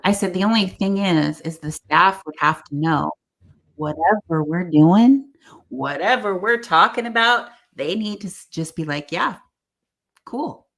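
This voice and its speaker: A middle-aged woman with a low, gravelly voice tells a story to a podcast host. She acts out the voices of the people she quotes with lively animation. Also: a little slow. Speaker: guest. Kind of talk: storytelling in conversation.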